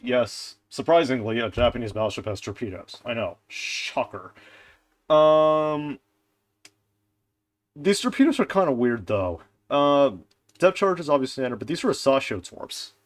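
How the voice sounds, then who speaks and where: Young male commentator, mid-pitched, casual and ranty, lots of filler and restarts. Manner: animated, ranting, frequent fillers and restarts. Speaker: gaming content creator. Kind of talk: casual commentary on game ship stats.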